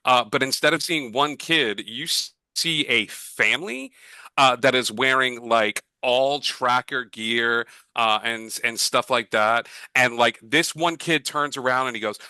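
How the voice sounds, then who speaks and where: Game master, rambling narration, very bright dry voice. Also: male voice, mid-range voice, unhurried, clear, resonant tone, no room sound, rough recording. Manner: rambling, lots of fillers and restarts.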